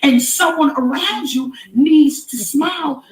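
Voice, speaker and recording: A woman hosting a live stream, giving an emphatic preaching-style motivational talk that repeats phrases and rises to shouts. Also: high-pitched, takes it slowly, distant mic. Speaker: inspirational live-stream host. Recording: echoey room, off-mic with background noise.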